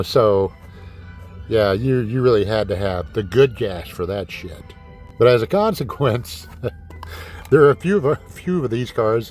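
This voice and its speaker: A man hosting a diecast car vlog in a casual, exasperated ranting way, swearing often and sarcastically calling his viewers kids. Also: lowish voice. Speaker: diecast collector host.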